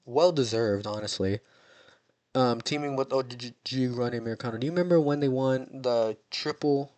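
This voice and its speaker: A man's voice: mid-range voice, moderate pace, darkish tone. A young American man hosting a casual wrestling recap, joking and rambling as he talks. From United States. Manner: joking, rambling, mock-dramatic. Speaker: wrestling show recap host. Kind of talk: casual chat.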